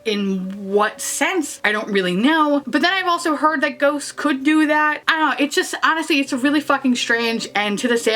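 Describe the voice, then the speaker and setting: A woman from New York vlogs with a bright, forceful voice pitched a little high. She tells stories and reviews makeup in a blunt, animated way, swearing freely. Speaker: beauty vlogger. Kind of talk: casual storytelling and makeup review.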